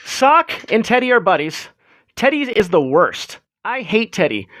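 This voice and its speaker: A man hosts a casual livestream, chatting to viewers in a rambling, filler-heavy way. His voice sits fairly high for a man, and the close desk mic sounds dry and dead. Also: big pitch swings, measured pace, a bit bright, no room sound. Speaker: livestream host.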